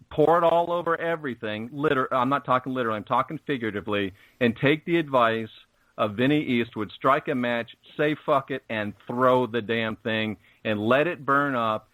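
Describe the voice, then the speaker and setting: A man's voice: mid-range voice, fairly bright tone, dry recording, rough recording. A man speaking as a radio guest, telling stories in a preachy, emphatic way. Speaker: guest, spiritual network host. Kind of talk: casual radio interview.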